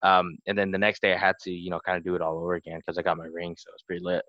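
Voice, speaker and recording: Low-voiced young man telling a rambling story. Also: completely flat delivery, rapid-fire, bright, forceful tone, no room sound, muffled recording. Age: 20s. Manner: rambling, full of "like" fillers. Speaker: podcast host. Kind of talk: casual storytelling.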